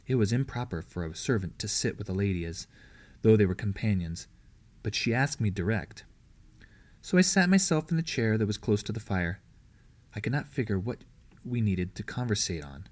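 A man narrating a historical novel as an audiobook reader, steady and measured. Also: on the low side.

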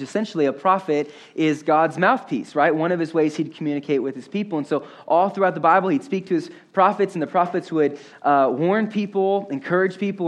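Casual, joking young male pastor. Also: a little high. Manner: casual, conversational, self-deprecating humor with many fillers. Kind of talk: sermon.

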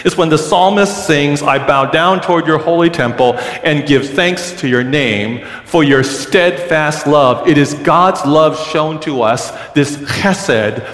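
A man's voice: fairly high pitch, measured pace, hardly any pauses, fairly bright tone. A middle-aged male pastor preaching a sermon to his congregation, earnest and teaching, leading them to repeat a word. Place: large church sanctuary. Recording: roomy church with long reverb.

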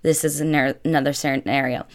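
Low-voiced young woman. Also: level tone, normal speed. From United States. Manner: chatty, filler-heavy with constant "like". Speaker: vlogger. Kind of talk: casual storytelling.

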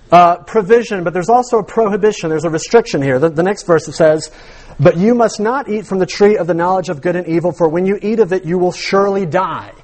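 Animated preacher man, high voice. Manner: animated teaching with rhetorical questions and repeated words. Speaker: pastor. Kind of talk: sermon.

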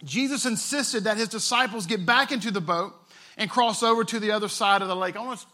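Bright-voiced, high-pitched male pastor preaching. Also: fast. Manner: conversational, retells scripture with playful asides. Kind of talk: sermon.

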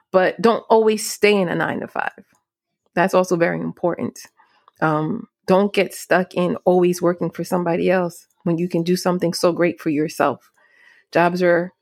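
Gravelly-voiced woman hosting a podcast. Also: medium pitch, no echo, studio quality. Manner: earnest, advice-giving, rambling with fillers. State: near tears. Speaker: podcast host. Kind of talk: casual solo podcast talk.

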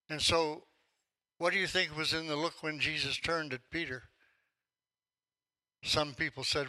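Older male pastor, 70s, storytelling sermon voice, slightly high and very bright. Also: normal speed, pauses often, poor audio. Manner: storytelling, acts out quotes with rising force.

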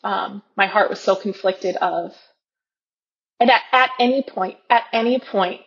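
A woman in her thirties, a podcast guest, telling a personal story candidly and acting out her own inner voice with sudden jumps in pitch. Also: measured pace. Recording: dull lo-fi podcast audio.

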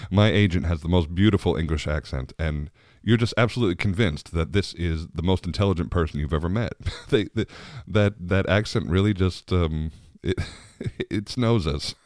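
A man with a very low voice talks his way through a loose, chatty podcast monologue. He rambles and laughs easily as he goes. The sound is dry and close, with no room echo. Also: moderate pace, a little mellow. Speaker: podcast host. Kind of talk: casual monologue.

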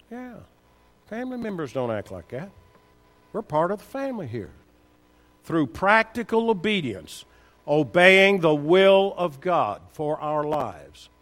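A man's voice: a little high, fairly bright tone. A man preaching a sermon, firing rhetorical questions at the congregation and building to emphatic peaks.

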